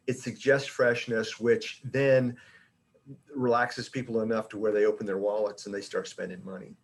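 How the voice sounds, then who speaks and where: A middle-aged man giving an informal talk to colleagues as an education director, speaking conversationally with frequent fillers and restarts. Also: mid-range voice. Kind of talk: informal presentation.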